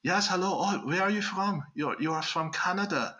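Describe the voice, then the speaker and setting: A stiff, officious German competition organizer with a thick mock German accent, as a man puts him on. The voice sits noticeably higher than a plain speaking voice. He talks in halting, overly formal phrases. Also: bright, forceful tone. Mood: polite, puzzled.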